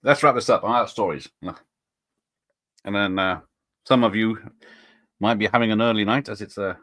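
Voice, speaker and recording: A man's voice: fairly low pitch, normal speed, fairly bright tone, no room sound, clean studio sound. A man hosting a casual live stream, rambling and chuckling as he reads out viewers' chat comments.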